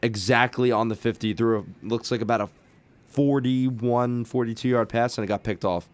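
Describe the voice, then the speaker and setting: A young man co-hosting a casual sports talk show, excitable and quick to protest when teased. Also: mid-range voice. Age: young adult. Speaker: co-host.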